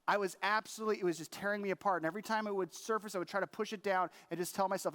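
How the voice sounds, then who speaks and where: A man's voice: high voice, fairly even intonation, very fast, hardly any pauses, fairly bright tone. A middle-aged man preaching a sermon as a pastor, telling a personal story earnestly and quoting himself and his wife in changed voices.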